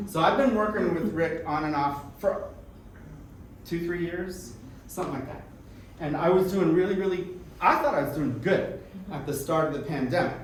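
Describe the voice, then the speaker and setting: A man hosts a small live event in a music school, with a voice pitched a little high. He talks in an effusive, chatty way and laughs often. The sound is heavily echoey, picked up from far off with a noisy room behind him. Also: moderate pace. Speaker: event host. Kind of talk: live stage introductions.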